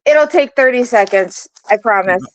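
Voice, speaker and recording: A woman cheerfully sharing a quick story, speaking slowly with small pauses. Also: a little high, expressive, no echo, low-quality recording. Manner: cheerful, slow and halting. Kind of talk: casual chat.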